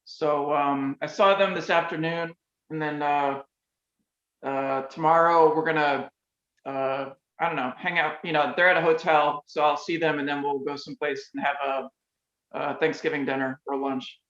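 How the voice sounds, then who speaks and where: A man with a slightly high voice talks haltingly, filling every pause with "uh" and "um." He sounds roomy and echoey, on a dull, lo-fi connection. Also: fairly even intonation, a bit bright. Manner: hesitant, many fillers. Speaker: guest. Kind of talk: casual chat.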